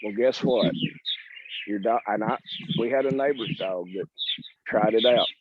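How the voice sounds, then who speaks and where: A man's voice: on the low side, measured pace, noisy background. A man with a Southern drawl presenting on a call, talking in a folksy, joking, rambling way. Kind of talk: casual presentation on a video call. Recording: dull lo-fi call audio.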